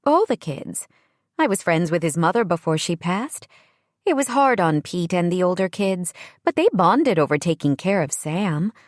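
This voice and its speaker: A woman voicing an older family friend who speaks gently and reassuringly in a romance audiobook. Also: on the low side, very animated, normal speed, no echo, studio quality.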